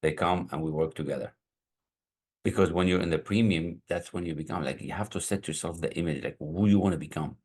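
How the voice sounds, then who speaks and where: Coach type: very low-voiced man, breathy and husky, loose rambling delivery. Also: darkish tone. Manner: casual, rambling, searches for words. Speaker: business coach. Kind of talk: sales pitch to viewers.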